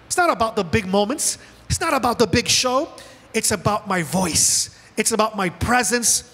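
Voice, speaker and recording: Male pastor, high bright voice, animated sermon delivery, reverberant church hall. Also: normal speed. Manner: animated preaching, voicing God and Elijah in quoted lines. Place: church auditorium. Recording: large hall with long reverb.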